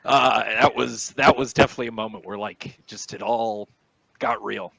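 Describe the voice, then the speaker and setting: A man, a guest on a video call, telling stories from his tabletop games in an animated, laughing way. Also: lowish voice, moderate pace, gravelly, slightly rough, low-quality recording. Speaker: guest, D&D player. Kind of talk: casual storytelling on a video call.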